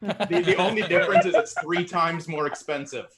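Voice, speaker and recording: A man from Indiana doing a stand-up set on an online show, out of breath and self-deprecating, halting over fillers and laughing into his punchlines. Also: a little high, a loud crowd. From Indiana, USA. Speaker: stand-up comedian.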